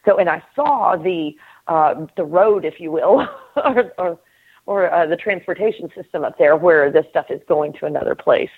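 A woman's voice: lowish voice, normal speed, slightly rough. Earnest middle-aged woman on a tinny phone line. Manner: earnest, animated, laughs often, acts out inner voices. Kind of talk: casual spiritual conversation.

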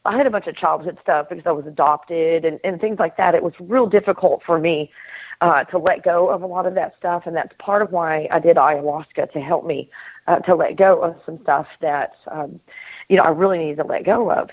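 A middle-aged woman hosting a casual spiritual conversation, earnest and animated, laughing often and acting out inner voices. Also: lowish voice, brisk. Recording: tinny phone-line call audio.

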